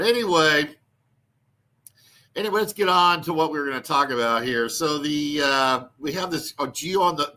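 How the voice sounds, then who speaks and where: A man's voice: a little high, pushed and bright. Rambling, crude livestream host man. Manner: crude, rambling, laughs often, lots of fillers. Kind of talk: rambling casual livestream chat.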